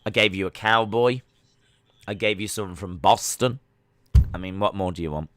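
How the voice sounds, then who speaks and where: A man hosting a live sports watch-along, chatting excitedly with many fillers as he reacts. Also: fairly low pitch, moderate pace, no echo. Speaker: livestream host.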